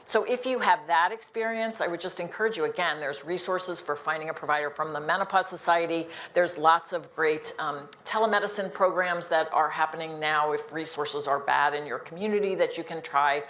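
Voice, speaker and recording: A woman's voice: deep voice, a bit bright. A middle-aged woman internist speaking earnestly on a live panel, with frequent restarts. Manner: earnest, fast-talking, with many restarts and "again".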